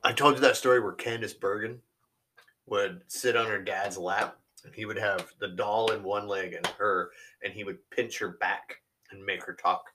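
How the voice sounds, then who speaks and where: A man's voice: fairly low pitch, steady tone, normal speed, sharp tone, slight background noise. A man co-hosting a podcast, chatting casually, swearing and laughing often. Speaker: podcast co-host. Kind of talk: casual chat.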